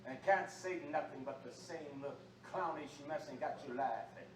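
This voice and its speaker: Preacher, male, high voice, fiery call-and-response sermon, recorded far off in an echoey room with faint noise. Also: moderate pace, crowd noise. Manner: preaching with call-and-response, swinging from low talk to shouting.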